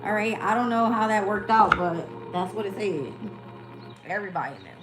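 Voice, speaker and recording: A woman's voice: mid-range voice, expressive, moderate pace, noisy background. Blunt, profane woman reading tarot. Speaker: tarot reader. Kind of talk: casual live-stream reading.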